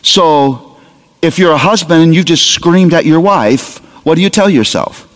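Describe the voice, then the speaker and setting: A man delivers a sermon with a lively, swooping delivery and a slightly high voice. He slips into little acted scenes and jokes. His voice rings with the long reverb of a large hall. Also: a little slow. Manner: animated, humorous, acts out parent dialogue. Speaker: pastor.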